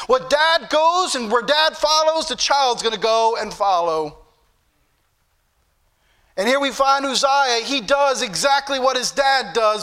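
High bright-voiced preacher man. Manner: preachy, repetitive emphasis. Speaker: pastor. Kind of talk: sermon.

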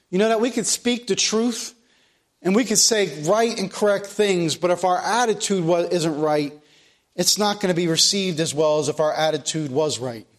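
Guy preaching, pretty high voice, repeats himself a lot, reads old bible verses. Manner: repeats phrases, quotes King James scripture. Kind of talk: sermon.

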